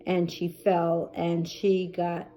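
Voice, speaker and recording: A woman's voice: on the low side, completely flat delivery, slow, warm tone, soft background music. A middle-aged woman vlogging about caring for a family member, telling the story in an emotional, chatty way with many fillers. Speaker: caregiver vlogger. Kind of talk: personal storytelling.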